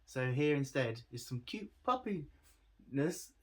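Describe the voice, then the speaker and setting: A man's voice: mid-range voice, lively intonation, slow, breathy edge. Tired guy vlogging to camera, laughs a lot, self-deprecating, trails off. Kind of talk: casual chat to camera.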